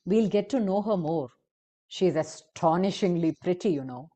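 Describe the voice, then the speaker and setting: A woman doing a calm, sly husband. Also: fairly low pitch, moderate pace. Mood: measured.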